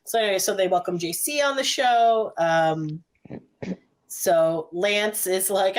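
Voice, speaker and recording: A woman's voice: mid-range voice, measured pace. A woman hosting a podcast, chatting casually and retelling stories by quoting others. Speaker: podcast host. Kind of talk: casual chat.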